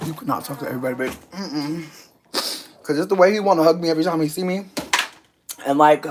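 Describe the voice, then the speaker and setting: A young American woman vlogs casually to the camera, rambling and swearing with brash humor, slightly out of breath as she veers between quiet mutters and loud outbursts. She talks fast but leaves long pauses. A faint hiss runs beneath her voice.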